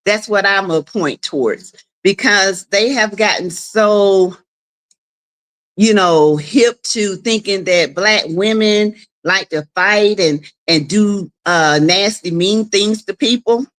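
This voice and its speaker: A woman hosts a relaxed live stream from her home. She talks at an unhurried pace, chatting loosely, greeting viewers one by one and laughing easily. Her voice sits at a middling pitch. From South Carolina. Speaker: livestream host. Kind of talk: casual live chat.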